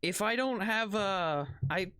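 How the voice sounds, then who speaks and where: A let's play host giving casual gameplay commentary, reacting aloud to the action with excitable outbursts and self-mocking asides to viewers. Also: medium pitch, takes it slowly, clear, resonant tone.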